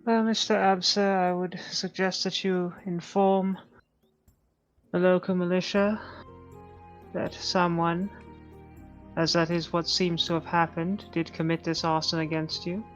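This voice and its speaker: A woman with a low, flat voice speaks in character, measured and formal. Her mic sounds dull and lo-fi, with faint music behind. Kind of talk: in-character role-play.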